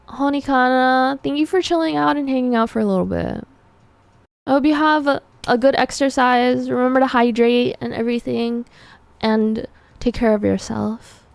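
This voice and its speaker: A woman's voice: sits high, moderate pace, gravelly, no room sound. A woman streamer in casual live stream chat, giggly and playful as she talks to her chat.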